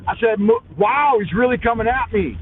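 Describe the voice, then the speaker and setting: A man's voice: very high voice, normal speed. Foul-mouthed man ranting while driving. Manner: loud, crude, cursing, combative with other drivers. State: highly caffeinated. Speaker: vlogger, live-stream host. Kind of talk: profane driving rant on a live stream. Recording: tinny, phone-like with faint vehicle noise.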